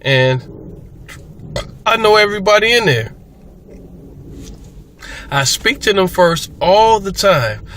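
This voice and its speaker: A man's voice: high voice, lively intonation, slow, long pauses, fairly bright tone, a little hiss or hum. A man talking casually to his viewers in a rambling, repetitive way, often restarting his sentences. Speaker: vlogger. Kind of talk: casual monologue to camera.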